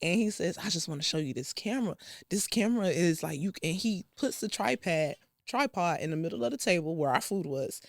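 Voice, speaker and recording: A young woman vlogger telling a dating story in a casual, profane, animated way, acting out both sides. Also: medium pitch, no echo, clean studio sound.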